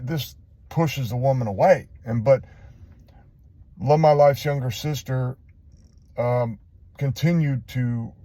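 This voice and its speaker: A man giving a rambling, halting personal testimony, earnest and confessional, with many restarts. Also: mid-range voice, mellow, dry recording.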